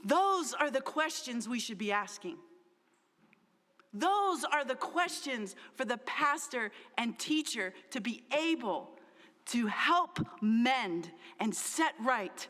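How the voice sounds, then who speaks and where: A woman's voice: on the high side, lively intonation, takes it slowly, a bit bright. A middle-aged woman pastor preaching a sermon in an earnest, emphatic way, repeating key phrases for weight. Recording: long reverb of a large hall.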